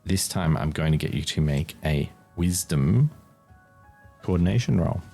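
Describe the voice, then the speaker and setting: A man's voice: extremely low pitch, lively intonation, measured pace, creaky, dark tone, faint music behind. A man running a tabletop game as game master, describing scenes with frequent restarts. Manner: hesitant, restarts mid-sentence while describing scenes.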